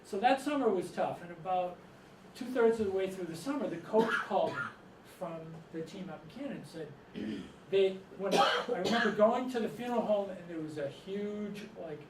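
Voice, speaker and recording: A middle-aged man from Massachusetts with a fairly high voice spins rambling anecdotes to a live audience and chuckles as he goes. He is caught from some distance in an echoey room, and a steady layer of noise sits under his voice. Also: normal speed. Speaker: author and storyteller. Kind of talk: storytelling talk to a live audience.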